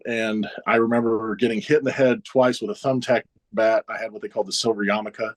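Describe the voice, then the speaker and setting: A man's voice: lowish voice, fairly even intonation, brisk. A man in his forties, a professional wrestler guest, casually telling backstage stories in an interview, chuckling often and acting out other people's lines.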